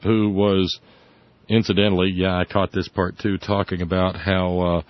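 A man's voice: on the low side, fairly even intonation, moderate pace, no echo. Sardonic rambling man on a dull dry recording. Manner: sardonic, rambling, frequent restarts. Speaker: podcast host. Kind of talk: casual political chat.

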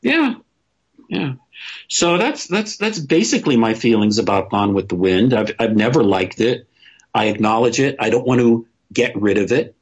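An opinionated man talks through a casual podcast discussion, blunt and quick to curse, often stumbling over his own restarts. His voice is slightly husky and sits at a middling pitch. The recording is a bit dull and lo-fi. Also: lively intonation. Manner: opinionated, blunt, swears freely, many restarts.

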